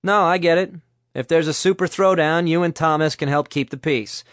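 A man's voice: a little high, moderate pace, fairly bright tone, no room sound, clean studio sound, pitched above the performer's own voice, lightly acted. A man voicing a friendly, wry young man in a spoken story.

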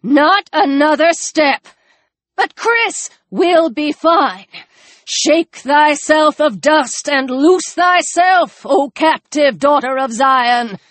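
Woman putting on a slow, commanding captor. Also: high voice, a bit bright, dry recording, pitched above the performer's own voice, full character voice. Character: stern gun-wielding captor quoting scripture.

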